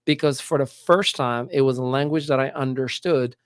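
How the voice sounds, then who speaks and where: A man from Morocco, telling school stories as a podcast guest in an animated way. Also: medium pitch, moderate pace, clean tone, no room sound. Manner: animated, acts out quoted voices. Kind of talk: casual storytelling.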